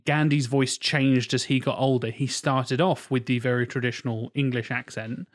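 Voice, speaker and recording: A man's voice: mid-range voice, steady tone, normal speed. A man co-hosting a casual podcast chat, rambling with many fillers and the odd swear. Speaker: podcast co-host.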